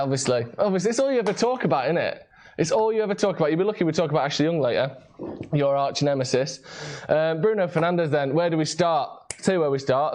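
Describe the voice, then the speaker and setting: A man's voice: on the high side, fast. Sarcastic Mancunian man hosting a late show. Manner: sarcastic, deadpan comic asides. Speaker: host. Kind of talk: jokey late-night show banter. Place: small home studio.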